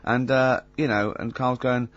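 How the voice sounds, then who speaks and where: A man's voice: medium pitch, steady tone, unhurried, a bit bright. A man hosting a radio show, telling stories animatedly and laughing often. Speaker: radio host. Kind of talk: radio banter. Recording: dull lo-fi radio recording.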